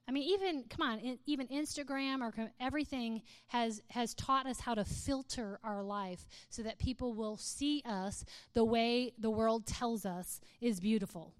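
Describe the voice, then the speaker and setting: A woman's voice: fairly high pitch, moderate pace, hardly any pauses, clear, resonant tone, dry recording. A woman speaking to a live audience in a playful, humorous way, often laughing and reading aloud with mock drama.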